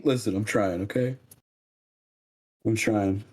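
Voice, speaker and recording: A man streaming from his home kitchen, chatting casually and joking at his own slow cooking. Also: fairly low pitch, darkish tone. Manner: joking, self-mocking, unhurried.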